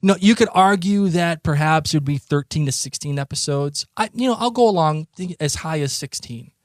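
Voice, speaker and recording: Boston guy podcast co-host, rambly and excited, slightly high voice, dry close sound. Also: a little fast, no echo. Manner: rambling, excitable, many restarts. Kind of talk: casual chat.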